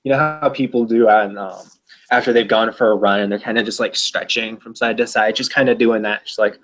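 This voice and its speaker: A man's voice: lowish voice, steady tone, moderate pace, a bit bright. A man narrating his character's actions in a casual tabletop role-play, rambling with many fillers and restarts. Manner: rambling, filler-heavy, self-interrupting. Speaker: player.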